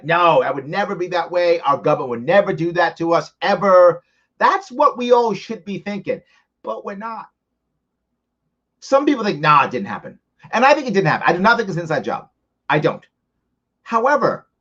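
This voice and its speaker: Animated man hosting a live Q&A. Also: high voice. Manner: animated, conversational, arguing by examples. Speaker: host answering live viewer questions. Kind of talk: live ask-me-anything stream. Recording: slightly dull lo-fi stream audio.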